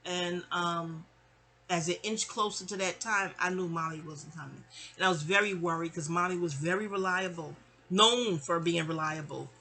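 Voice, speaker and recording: A middle-aged New York woman delivers a long, casual storytime monologue about her own life, chatty and animated, slipping into other people's voices. Her pitch is fairly low and her pace moderate.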